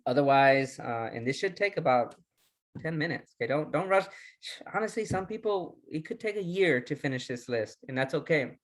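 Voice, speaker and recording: A man's voice: a little high, animated, normal speed, fairly bright tone. A man leading a recorded training lesson, speaking with energy, firing off repeated questions and restarting his words. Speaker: resilience trainer.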